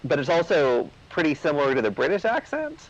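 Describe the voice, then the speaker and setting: A man's voice: on the high side, wildly swooping pitch, fairly quick, muffled recording. A man chatting casually over gameplay, rambling with lots of fillers and restarts. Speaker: co-host of a gaming video.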